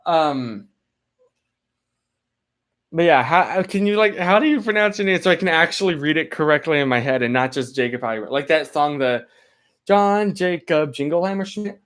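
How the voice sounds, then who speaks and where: A man's voice: on the high side, normal speed, a bit bright. A young man hosting a casual livestream, chatting to viewers in a rambling, apologetic way full of filler words. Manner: playful, reads chat names aloud. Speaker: livestream host.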